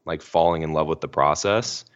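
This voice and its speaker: Podcast guest: young man, deep low voice, casual slangy storyteller, muffled recording. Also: normal speed. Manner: slangy, fills talk with "like" and "you know".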